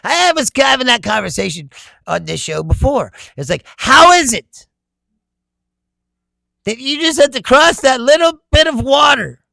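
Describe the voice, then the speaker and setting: A man's voice: very high voice, lively intonation, a little slow, vocal fry, sharp tone, dry recording. A man hosting a casual livestream, reading viewer comments aloud, laughing often and swearing freely. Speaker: livestream host.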